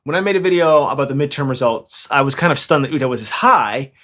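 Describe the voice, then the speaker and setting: A young man hosting a fan commentary channel, talking fast and excitably in a rambling, casual way. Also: mid-range voice, slight background noise. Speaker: anime commentary channel host.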